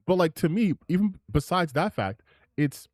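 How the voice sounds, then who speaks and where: Animated, rambling male streamer. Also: fairly high pitch, moderate pace, no echo, studio quality. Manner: animated and rambling, with many restarts. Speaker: streamer host. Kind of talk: live reaction commentary.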